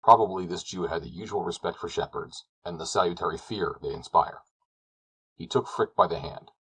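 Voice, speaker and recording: Deep husky male audiobook narrator. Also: low-quality recording. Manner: measured, descriptive storytelling. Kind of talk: scripted narration of a classic novel.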